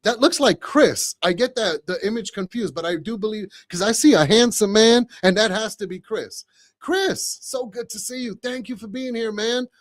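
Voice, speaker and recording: Effusive New York podcast host. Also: male voice, high-pitched, moderate pace. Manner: effusive, exclamatory, chatty. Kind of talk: live podcast chat. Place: studio.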